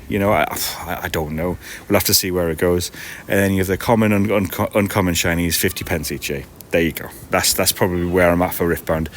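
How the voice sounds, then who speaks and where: A man, chatting casually and self-deprecatingly to a live-stream audience from an outdoor market stall, laughing often. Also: low voice. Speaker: streamer and podcast host. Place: outdoor market stall in the early morning, seagulls around. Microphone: iPad. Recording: outdoor background noise.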